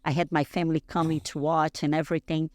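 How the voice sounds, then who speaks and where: A woman's voice: deep voice, fast talker, no room sound, clean studio sound. Brazilian-accented woman telling a story. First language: Portuguese. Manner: animated, acts out quoted dialogue in a raised voice. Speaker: guest athlete. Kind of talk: casual interview storytelling.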